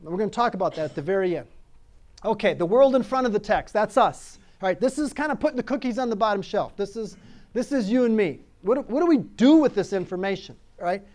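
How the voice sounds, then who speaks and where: A man's voice: high voice, lively intonation, fast, darkish tone. Emphatic man preaching a sermon. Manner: conversational, emphatic, repeats phrases, asks "all right?". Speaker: pastor.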